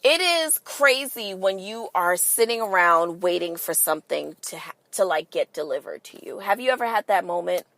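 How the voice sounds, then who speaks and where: A woman's voice: fairly low pitch, lively intonation, normal speed, creaky, few pauses, fairly bright tone, no echo. A woman hosting a podcast in a casual monologue, emphatic and swearing freely, firing rhetorical questions at listeners. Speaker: podcast host.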